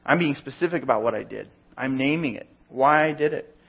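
A man's voice: medium pitch, fairly quick, creaky, breathy edge, highs cut off. A man preaching a conversational sermon, working through plain everyday examples. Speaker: pastor.

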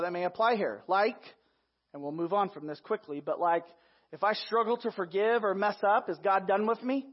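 A man preaching a sermon in a lively, conversational way, talking straight to his listeners as "guys". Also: high-pitched. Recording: dull lo-fi recording.

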